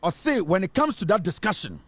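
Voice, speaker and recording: A man's voice: high-pitched, very animated, brisk, fairly bright tone, no room sound. A man with a Ghanaian accent giving emphatic political news commentary, switching between English and Twi.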